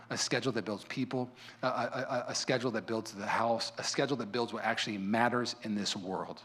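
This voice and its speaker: A male pastor preaching a sermon in a fervent, fired-up manner with quick repeats. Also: lowish voice, fairly even intonation, a bit bright, husky.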